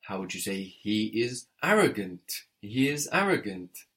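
Patient low-voiced male French teacher. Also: very animated, unhurried, a bit bright. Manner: patient, methodical, prompts and spells out letters. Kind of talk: audio language lesson.

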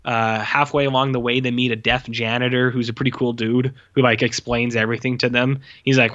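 Rambling laid-back man, bright tone. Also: mid-range voice, little pitch movement, brisk, hardly any pauses, highs cut off. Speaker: podcast host reviewing movies. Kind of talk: casual chat.

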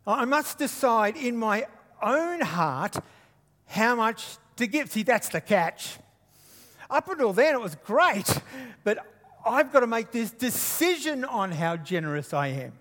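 Brief: male preacher from Queensland, very high voice, lively and teasing with the crowd, long hall reverb. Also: measured pace. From Queensland, Australia. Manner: animated, jokey asides to the congregation. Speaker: guest preacher. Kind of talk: sermon. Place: church hall.

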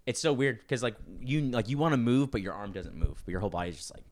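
A man's voice: mid-range voice, expressive, fast talker, a little mellow, a little hiss or hum. A young man hosting a podcast, chatting casually and telling rambling stories full of "like" and restarts. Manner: rambling, filler-heavy storytelling. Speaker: podcast host. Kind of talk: casual chat.

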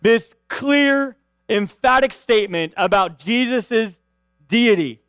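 A man with a high, smooth voice delivers a sermon in a chatty, conversational way. He keeps checking in with his listeners and restarts his phrases as he goes. The sound is close and dry. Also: animated, slow pace, a bit bright, no echo. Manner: conversational, frequent "right?" asides and restarts. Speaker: pastor.

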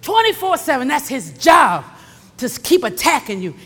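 A middle-aged woman preacher with a high voice delivers a sermon, calling out to the saints in the congregation. She drops into low, chatty storytelling, then climbs to fervent, shouted exhortation. Her voice rings with a long reverb in a large sanctuary. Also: sing-song, moderate pace. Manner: swings from low conversational talk to fervent shouting.

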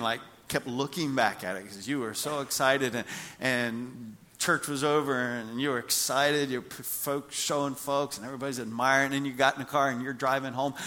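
A man preaching a sermon as pastor, animated, acting out little scenes and repeating words for emphasis. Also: medium pitch. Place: church.

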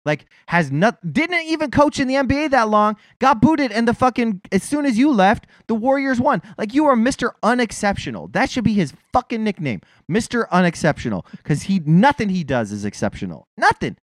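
Profane ranting man, lively swings. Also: sits high, a little fast, hardly any pauses, no room sound, studio quality. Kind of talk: casual chat.

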